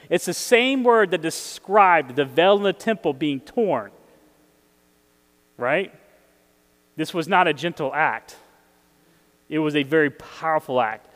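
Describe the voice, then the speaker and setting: Guy giving a chatty sermon, a bit high voice, lots of echo in a big hall, keeps laughing and asking the crowd stuff. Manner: conversational, chuckling, asks the audience questions. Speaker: preacher. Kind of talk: casual sermon. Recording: hall with long reverb.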